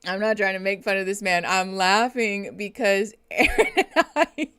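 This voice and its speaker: A woman's voice: mid-range voice, animated, moderate pace, fairly bright tone, clean tone. A woman therapist hosting a live reaction stream, chatting casually with her viewers and laughing often. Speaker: therapist and livestream host.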